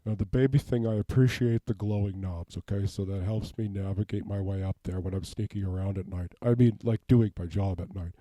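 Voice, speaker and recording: A man rambling through an improvised comedic monologue in a deadpan way, asking "okay?" over and over. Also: low-pitched, fairly quick, few pauses, dry recording. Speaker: comedic self-tape performer. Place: home basement.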